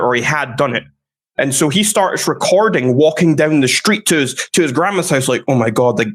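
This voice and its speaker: A man talking through a story in casual chat, rambling with fillers and restarts. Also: medium pitch. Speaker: commentary YouTuber.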